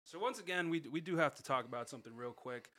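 A man's voice: on the high side, expressive, fast, bright, forceful tone. A man co-hosting a casual sports podcast, teasing his co-host with jokes. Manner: teasing, joking.

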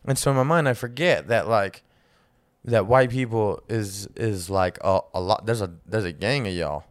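A man's voice: on the low side, normal speed. A man co-hosting a casual podcast chat, speaking in loose slang, cursing freely and repeating words as he works toward his point. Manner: loose slangy talk, swears freely, stumbles over repeated words when making a point. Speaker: podcast co-host.

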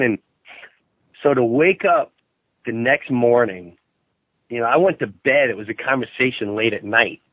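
A man hosting a podcast, chatting casually and telling a story animatedly, jumping up high when he acts out quotes. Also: lively intonation, normal speed, pauses often, dry recording. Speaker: podcast host. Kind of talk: casual interview chat. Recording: thin phone-like sound, dry.

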